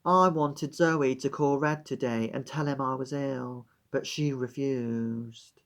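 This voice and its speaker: A man's voice: mid-range voice, slow pace. Fields: man putting on a dull Brummie woman diarist. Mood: deadpan. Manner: flat, monotone reading. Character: dull, flat-voiced woman diarist in her thirties. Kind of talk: reading a novel aloud in a put-on voice.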